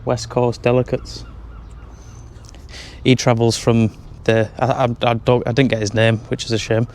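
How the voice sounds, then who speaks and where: A man's voice: medium pitch, level tone, unhurried, darkish tone, slight background noise. Dry-humoured man vlogging. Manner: dry, joking pub reviews. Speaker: travel vlogger. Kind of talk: casual vlog chat. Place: pubs and streets, in and out of doors.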